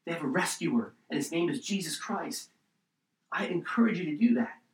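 Preacher, male, fervent sermon delivery shifting loud to hushed; mic set back in an echoey room. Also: a little high, sing-song, normal speed. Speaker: pastor. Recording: roomy echo, distant mic.

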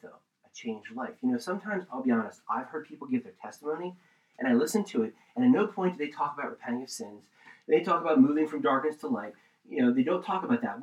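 A man preaching a sermon, teaching through a Bible passage in an animated way with asides. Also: mid-range voice, reverberant, poor audio. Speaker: pastor.

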